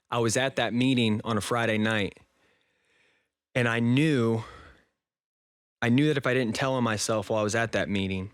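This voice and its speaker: A man's voice: on the low side, dry recording, studio quality. A young man in his twenties telling an emotional personal story in a casual interview, laughing now and then. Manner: earnest and emotional, laughs often, says "dude" and "man". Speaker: podcast guest.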